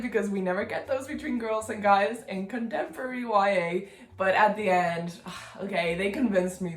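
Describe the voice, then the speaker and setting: A woman's voice: medium pitch, roomy sound. A young woman talking casually and with enthusiasm as she reviews the books she read this month, laughing now and then. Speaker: book vlogger.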